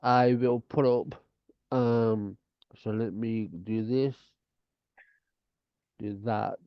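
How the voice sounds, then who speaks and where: A man co-hosting a casual podcast, talking haltingly with many ums and restarts. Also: medium pitch, steady tone, clean tone, no echo, lo-fi sound. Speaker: podcast co-host.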